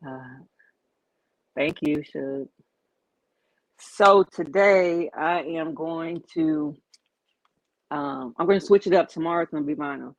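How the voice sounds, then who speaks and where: A woman's voice: low voice, slow pace, pauses often. A woman with a Southern US accent hosts a casual crafting livestream from her home studio, chatty and thanking viewers as she works. The audio is dull and lo-fi, with a dry, close sound and no room echo. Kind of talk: casual live-stream chat.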